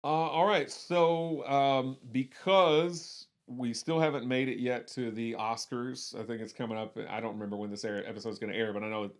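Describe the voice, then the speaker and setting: A man's voice: mid-range voice, fairly even intonation, normal speed, hardly any pauses. A man co-hosting a podcast, chatting casually about movies, restarting sentences and repeating words as he goes. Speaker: podcast co-host.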